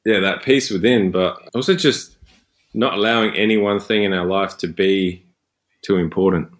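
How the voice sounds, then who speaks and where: A man speaks as a guest scientist on a podcast. His voice is low, and his manner is reflective and unhurried. He chuckles now and then as he talks. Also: steady tone. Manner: laid-back, reflective, chuckling. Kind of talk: casual interview conversation.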